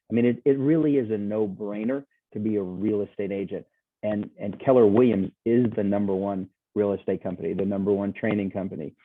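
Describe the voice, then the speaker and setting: Low-voiced man pitching over a tinny call. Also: no room sound. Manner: rambling, enthusiastic, frequent restarts. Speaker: guest speaker. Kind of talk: casual sales pitch presentation. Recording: tinny phone-like video call audio, dry.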